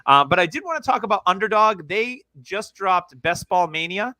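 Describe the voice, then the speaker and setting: A man's voice: high voice, lively intonation, moderate pace, sharp tone, dry recording. A man hosting a casual sports podcast, joking and upbeat as he introduces the show. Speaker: podcast host.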